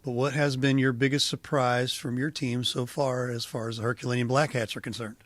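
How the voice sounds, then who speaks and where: A man interviewing a coach in a casual sports show, asking brisk, upbeat questions. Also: mid-range voice, level tone, fairly bright tone, no room sound.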